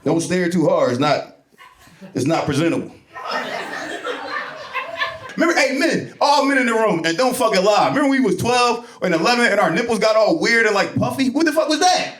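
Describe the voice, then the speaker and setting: Man, stand-up comedian, crude and brash, high voice, roomy club echo. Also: lively intonation, normal speed, long pauses, a bit bright, a little hiss or hum. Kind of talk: stand-up set. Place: comedy club stage before a laughing audience.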